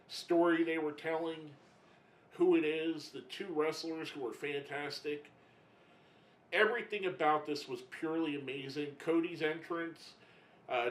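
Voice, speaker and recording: A man talks through a casual review in a slightly raised voice. He is emotional and halting, choking up and breaking off mid-sentence before starting again. The sound is roomy and echoey. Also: a little high. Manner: emotional, gets choked up, halting restarts. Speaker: wrestling reviewer.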